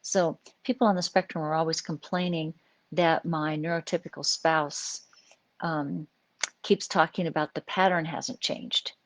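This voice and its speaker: A woman's voice: deep voice, steady tone, measured pace, dry recording. A middle-aged woman psychologist answering viewer questions on a live stream, chatty and explanatory with many fillers and restarts.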